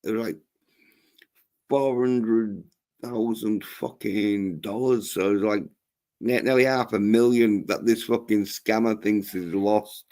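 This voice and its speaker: A man's voice: lowish voice, fairly even intonation, measured pace, dark tone. A man hosting a livestream, telling stories in a rambling, crude and profane way. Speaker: livestream host. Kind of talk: casual chat.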